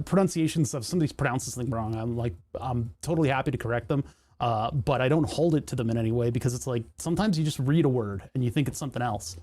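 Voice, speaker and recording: A man's voice: mid-range voice, a little mellow. A young man from the United States, chatting casually on a live stream, rambling through jokey rants and laughing often.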